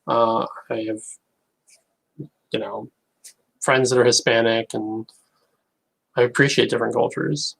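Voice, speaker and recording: Young male creator, gravelly, halting wry monologue. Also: mid-range voice, steady tone, fairly bright tone, poor audio. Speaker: online creator. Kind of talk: casual monologue to camera.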